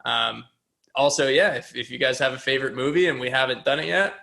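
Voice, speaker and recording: A man's voice: medium pitch, a little fast, creaky, pushed and bright. A man co-hosting a movie podcast in casual chat, rambling and laughing as he acts out lines from films. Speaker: podcast co-host.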